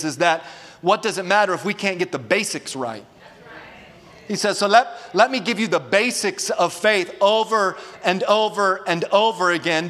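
A man's voice: high voice, fairly bright tone, long reverb tail. A man preaching a sermon as pastor, urging his congregation to respond and repeat words after him. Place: church auditorium.

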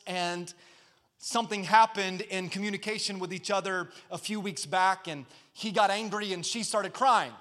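A man preaching a sermon as pastor, with energetic, punchy delivery that builds in emphasis. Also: sits high. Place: church sanctuary. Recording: long hall reverb.

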